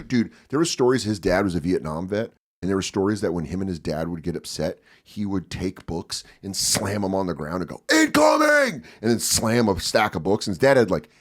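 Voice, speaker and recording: Dude in his 40s spinning a profane story, pitch jumping all over, loud bits. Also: brisk, hardly any pauses. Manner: animated, profane, acts out voices loudly. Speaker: podcast guest. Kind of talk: casual storytelling.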